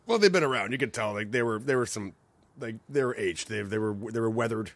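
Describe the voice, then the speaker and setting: This lowish-voiced man talks briskly as a podcast co-host in casual conversation, bringing his stories to life by performing the other characters' lines.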